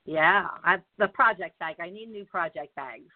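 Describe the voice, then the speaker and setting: A woman's voice: on the low side, moderate pace, no echo. A woman caller to a podcast, shy and giggly. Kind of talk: casual chat. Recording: tinny phone line, dry.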